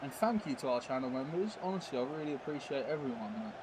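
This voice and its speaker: A man's voice: medium pitch, expressive, fast talker, noisy background. A man chatting casually while live-streaming a football video game, rambling and full of tag questions.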